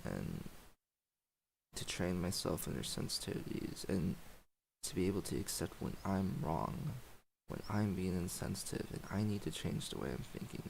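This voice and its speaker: Deep gravelly-voiced man ranting on stream. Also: a little hiss or hum, low-quality recording. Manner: heated, profane, sighing. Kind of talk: emotional livestream rant.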